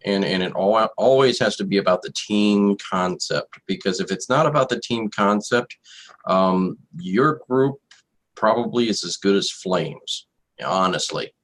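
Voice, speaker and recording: Male co-host, low voice, steady, relaxed radio chat. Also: unhurried, low-quality recording. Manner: steady, with many agreeing fillers. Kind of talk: casual talk radio chat.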